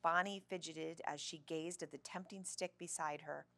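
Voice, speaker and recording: Brief: woman reads a children's chapter book aloud, low-pitched, gravelly, close and dry. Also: moderate pace. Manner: expressive storybook reading. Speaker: children's story reader. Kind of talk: reading a children's novel aloud.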